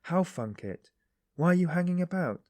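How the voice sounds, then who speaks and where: A man voicing a suspicious male porter who demands answers in a raised, shouting voice. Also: high-pitched, animated, normal speed, no echo, pitched above the performer's own voice. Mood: demanding.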